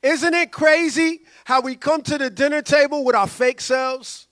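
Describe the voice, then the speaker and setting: A male pastor, preaching a sermon in an animated way and acting out quoted voices. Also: extremely high pitch, unhurried. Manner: animated, acts out quoted voices, loud bursts.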